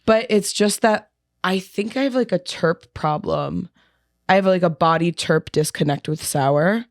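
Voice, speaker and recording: A woman's voice: lowish voice, a little slow, dry recording, studio quality. A young woman co-hosting a podcast in a laid-back casual chat, laughing often and using many fillers. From New York area. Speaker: podcast co-host.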